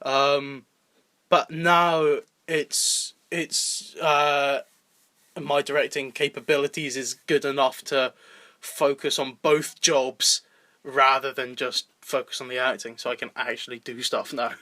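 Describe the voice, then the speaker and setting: A man's voice: medium pitch, little pitch movement, takes it slowly, pushed and bright, no echo. A young man co-hosting a casual podcast, rambling with frequent laughter and repeated words. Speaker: podcast co-host and indie filmmaker.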